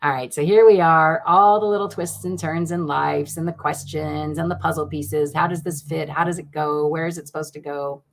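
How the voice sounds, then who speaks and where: A woman's voice: low-pitched, fairly even intonation, moderate pace, few pauses, a little hiss or hum. Chatty woman giving card readings. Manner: chatty and gushing, with many fillers and restarts. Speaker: card reader hosting a live stream. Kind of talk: casual live-stream card reading.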